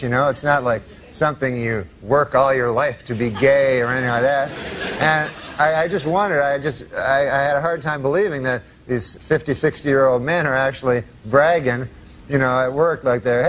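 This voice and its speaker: A man telling stand-up jokes and anecdotes in a slow, halting, deadpan drawl. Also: medium pitch, slight background noise. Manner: drawling, halting with many uh's. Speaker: stand-up comedian.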